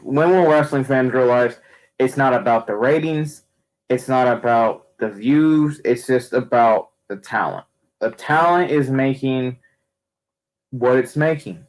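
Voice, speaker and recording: A man's voice: medium pitch, poor audio. A young man who streams about wrestling, ranting casually with lots of fillers and restarts. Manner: rambling, frequent fillers and restarts. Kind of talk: casual opinion rant.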